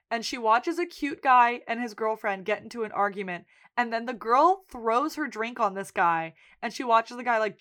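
On a podcast she co-hosts, a woman gives a laid-back rundown of a TV episode, performing the characters' dialogue with lots of profanity. She has a medium-pitched, slightly bright voice.

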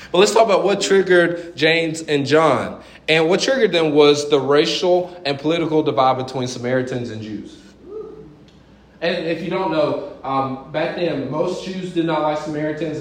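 A man's voice: on the high side, reverberant, poor audio. A man preaching a sermon, telling stories with humor and acting out quoted lines. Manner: animated storytelling with jokes and acted-out quotes. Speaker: pastor.

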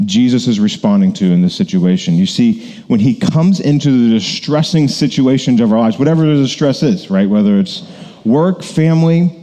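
A man's voice: medium pitch, moderate pace, warm tone. A man preaching a conversational sermon, rambling with many fillers and self-corrections. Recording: long hall reverb.

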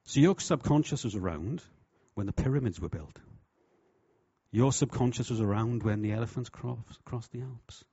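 A man preaching a sermon with humour, lively and jokey, slipping into voices for quotes. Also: medium pitch, moderate pace, slightly rough. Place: church hall. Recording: dull, lo-fi sound.

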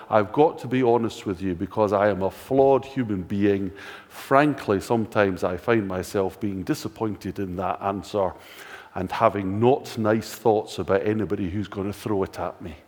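An older Scottish man with a slightly mellow, lowish voice preaches a chatty sermon in church, packed with rhetorical questions and dry, self-mocking humour. The church hall adds a long reverb.

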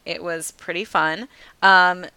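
Woman, podcast co-host, self-mocking storyteller, lower voice, bright tense tone, dry room. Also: little pitch movement, slow pace, smooth, no room sound. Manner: chatty storyteller, laughs often, self-mocking. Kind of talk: casual chat.

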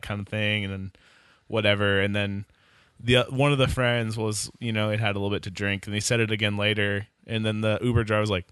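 Brief: young man, lowish pitch, bright tone, dry mic, rambling jokey talker. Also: flat delivery, brisk, clear, resonant tone, dry recording. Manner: rambling, many likes, jokey. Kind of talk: casual chat.

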